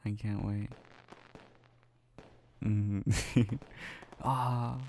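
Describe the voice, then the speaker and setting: A young man in a soft, affectionate whispered role-play, talking close to the mic and laughing often. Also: lowish voice, little pitch movement, extremely slow, vocal fry, long pauses, a little hiss or hum. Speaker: ASMR boyfriend role-play creator.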